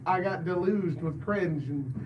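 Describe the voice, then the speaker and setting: A man's voice: high voice, unhurried, lo-fi sound, background noise. A man co-hosting a live podcast, exaggerating and comically flustered. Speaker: podcast co-host. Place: convention event space. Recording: distant mic with a crowd behind.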